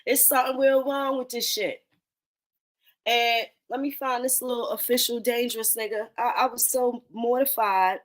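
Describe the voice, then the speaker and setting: A woman's voice: on the high side, normal speed. Blunt, foul-mouthed woman ranting casually. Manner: blunt, animated, swears often, talks to listeners as y'all. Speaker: host of a live audio talk room. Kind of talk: casual profane commentary.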